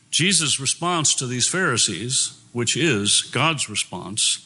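A man's voice: medium pitch, sharp tone. A man preaching a sermon, reading scripture aloud and speaking in an earnest, emphatic way.

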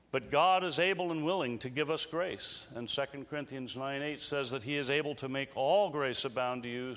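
A man's voice: medium pitch, a bit bright. Earnest male preacher in a reverberant hall. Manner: earnest, measured preaching with slow emphatic phrases. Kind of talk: sermon. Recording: long reverb of a large hall.

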